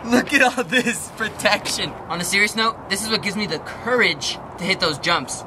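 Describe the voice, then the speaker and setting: A man's voice: high voice, moderate pace, noisy background. A man vlogging casually, upbeat and laughing often. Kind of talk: casual vlog narration. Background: loud background music.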